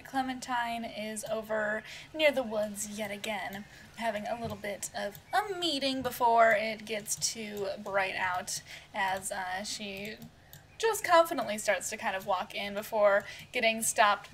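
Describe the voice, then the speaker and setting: A woman's voice: mid-range voice, takes it slowly, a bit bright. Woman game master, casual giggly narration, faint background noise. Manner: casual, filler-heavy, giggly. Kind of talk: narrating a tabletop role-playing game.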